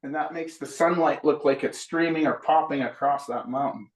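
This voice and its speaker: A man's voice: on the high side, moderate pace. A man giving a live painting lesson, chatting and explaining each step while he paints. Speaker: painting instructor. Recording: roomy echo.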